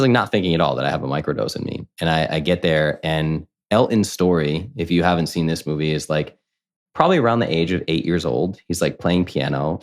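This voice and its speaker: A man in his thirties, a podcast guest, telling a personal story in casual conversation, candid and animated, acting out what others said. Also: extremely low pitch. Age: 30s. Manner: candid, animated, quotes people in lively voices.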